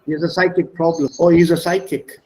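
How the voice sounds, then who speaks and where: A man's voice: a little high, little pitch movement, a little fast, mellow, poor audio. A man teaching an online class over a video call, repeating and spelling words and coaxing his students to speak. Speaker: language teacher.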